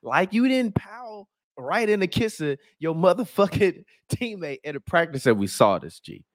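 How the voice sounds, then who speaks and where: A man's voice: sits high, normal speed, dry recording, clean studio sound. A man hosting a casual, comedic sports commentary, full of profanity and laughing asides. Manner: profane, animated, laughing riffs. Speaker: host.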